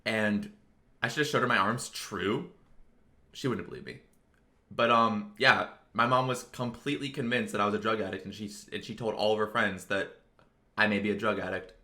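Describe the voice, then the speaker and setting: Rambling young man with a bright voice. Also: on the low side, steady tone, normal speed. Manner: rambling, filler-heavy, lots of "like". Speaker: storytelling video creator. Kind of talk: casual storytime vlog.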